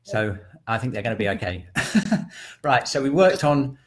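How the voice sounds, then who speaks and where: Man, shiatsu teacher, calm breathing instructions, video call, mid pitch. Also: measured pace. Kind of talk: guided self-shiatsu class online.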